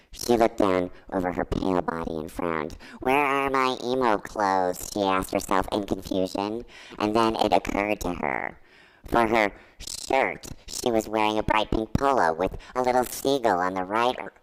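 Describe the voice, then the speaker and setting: A man's voice: on the low side, a bit bright, clear, resonant tone, poor audio. A man giving a comedic dramatic reading, mock-earnest with wry asides. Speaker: guest reader.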